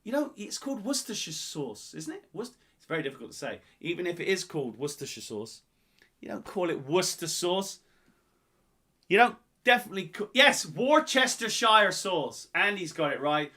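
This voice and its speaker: A man's voice: on the high side, sing-song, quick pace, pushed and bright. A man from England hosting a live-streamed pub quiz, reading out answers and teasing players in a jokey, playful way.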